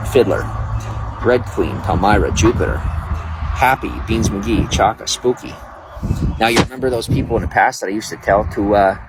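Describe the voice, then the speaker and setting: A man with a low voice hosts a casual livestream from his phone on a city street. He rambles in a defensive tone and talks straight to his chat. Loud traffic and street noise run under everything he says. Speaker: livestream host.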